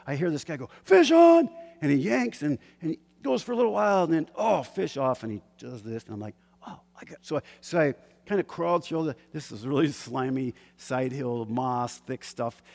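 A man telling a personal fishing story in a lively, animated way, acting out shouts and gasps. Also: a little high, creaky. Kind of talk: casual spoken story. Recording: hall with long reverb.

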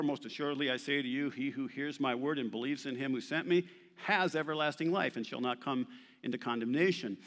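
A man preaches a sermon with animated emphasis, shifting between rising declarations and playful asides. His voice sits at an ordinary middle pitch. The recording carries the long reverb of a big hall. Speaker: pastor.

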